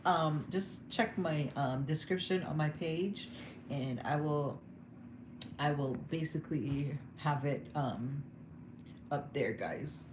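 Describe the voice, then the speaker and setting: A young woman talks candidly to her viewers, emotional and quick to laugh. Her voice sits a little low. The phone recording is roomy and echoey, with a steady noise under it. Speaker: vlogger. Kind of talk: casual livestream chat. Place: home room. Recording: echoey room with background noise.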